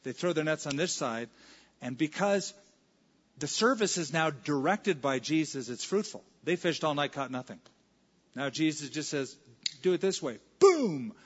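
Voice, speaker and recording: A man's voice: fairly high pitch, moderate pace, breathy edge. A male pastor preaching a sermon in a conversational way, now and then acting out the lines of scripture. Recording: reverberant hall, dull lo-fi sound.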